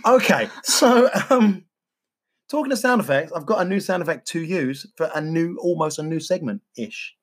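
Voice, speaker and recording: Low-voiced, husky woman co-host, animated and playful, giggly banter. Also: normal speed. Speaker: podcast co-host. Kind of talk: casual chat.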